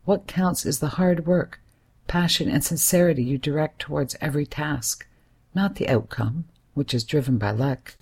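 A woman reading the part of a hesitant but serious young man, a gentle family friend, in an audiobook. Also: on the high side, moderate pace, husky. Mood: pleading. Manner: hesitant yet serious, soothing.

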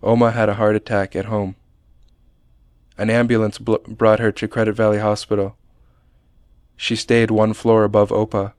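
A man reading a personal memoir aloud in a measured, plain, understated way. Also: lowish voice, level tone, darkish tone, no echo, clean studio sound. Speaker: narrator.

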